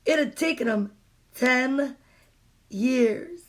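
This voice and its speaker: High-voiced woman reading storybooks aloud. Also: extremely slow. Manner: chatty, greets viewers by name between pages; playful, exclaims over the pictures. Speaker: children's story reader. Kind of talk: live-streamed storybook reading. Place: at home.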